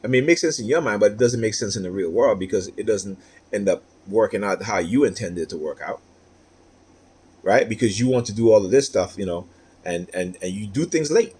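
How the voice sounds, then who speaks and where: A man's voice: lowish voice, expressive, brisk, darkish tone, breathy edge. A man talking straight to camera in a personal monologue, aggrieved and repetitive, tagging his points with "right?". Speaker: vlogger.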